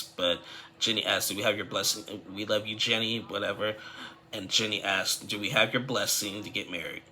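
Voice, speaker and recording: A man's voice: on the low side, sharp tone, slight background noise. A man chatting casually as he recaps a reality TV episode, rambling with many fillers and restarts and acting out the quotes. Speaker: TV recap vlogger.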